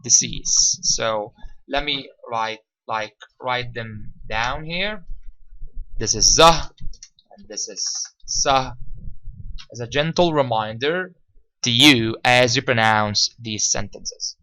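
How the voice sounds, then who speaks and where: A man with an Egyptian accent teaches English vocabulary, his voice sitting a little higher than most men's. He drills each word with repeat-after-me rounds. He restates every point in several ways, at a deliberate teaching pace. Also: sharp tone, rough recording. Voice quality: deliberate, repetitive delivery, rephrasing each point several times.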